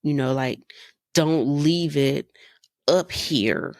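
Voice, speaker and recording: A woman's voice: sits low, extremely slow, darkish tone, no echo. A woman in her thirties hosting a podcast, telling stories in a casual, exasperated way and firing off rhetorical questions. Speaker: podcast host. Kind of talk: casual monologue.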